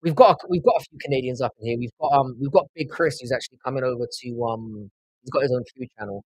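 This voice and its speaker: With a fast, husky, mid-range voice, this livestream host from London, who has a South London accent, keeps up rambling, profane banter with his chat in a casual stream. The recording is dry and the audio quality is poor.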